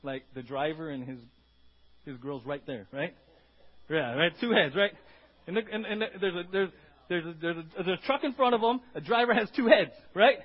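A man preaching a lively sermon to his congregation in a church, calling out for responses and acting out voices in sudden loud bursts. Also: normal speed, muffled recording. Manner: animated, calls out "Amen?" and "right?" to the congregation; acts out quoted voices with sudden loud, high outbursts. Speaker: pastor. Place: church hall before a congregation.

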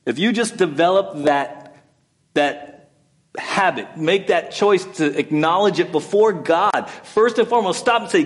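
A man's voice: high-pitched, unhurried. A middle-aged man preaching a sermon as pastor, in a conversational way, often checking in with "right?".

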